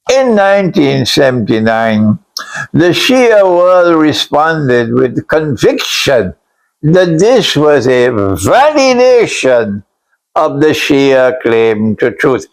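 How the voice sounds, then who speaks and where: Slow, gravelly-voiced man preaching emphatically. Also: on the high side, poor audio. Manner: emphatic, repeats key phrases, at times rising to a shout; blunt, admits harsh language. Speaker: Islamic scholar lecturing. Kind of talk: religious lecture.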